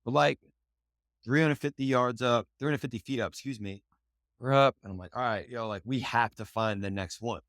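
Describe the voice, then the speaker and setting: A man from New York City, a podcast guest, excitedly telling a personal story in slangy speech and acting out what he said back then. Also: mid-range voice, moderate pace, no echo, clean studio sound. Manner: slangy, excitable, acts out his own past lines.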